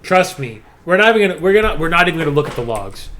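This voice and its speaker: Young male co-caster, playful and profane, slightly high pitch, casual live banter. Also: very animated, very fast. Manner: loud, swearing, playful. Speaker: stream co-caster.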